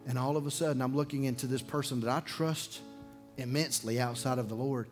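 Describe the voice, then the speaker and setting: Pastor preaching with emotional swings. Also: male voice, steady tone, quick pace, faint music behind. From Alabama. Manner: emotional storytelling, swinging between loud bursts and hushed low passages. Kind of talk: sermon.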